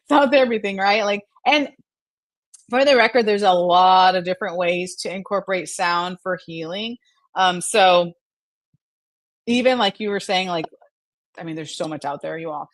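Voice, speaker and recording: A woman's voice: fairly low pitch, normal speed, no room sound. A middle-aged woman hosting a live mental health segment, chatting through viewer comments in an encouraging way and laughing often. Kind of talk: live-stream chat answering viewer comments.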